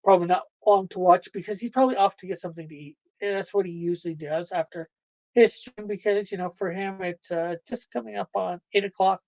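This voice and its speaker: A woman's voice: mid-range voice, steady tone, fairly quick, a little mellow, dry recording, highs cut off. A woman hosting a livestream, chatting casually with viewers, rambling and laughing often. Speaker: livestream host.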